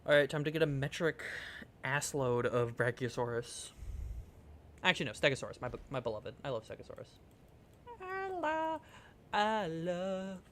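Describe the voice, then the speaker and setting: A man's voice: mid-range voice, fairly even intonation, a little fast, a bit bright, slight background noise. A man streaming a video game, chatting casually with viewers in a playful, rambling, jokey way with some swearing. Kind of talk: casual game livestream chat.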